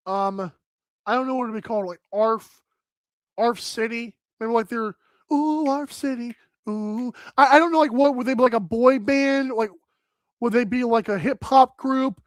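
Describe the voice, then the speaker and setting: A woman presenting a fashion segment on a talk show in a bubbly, chatty, animated way. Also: a little high, dry recording, clean studio sound. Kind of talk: casual chat.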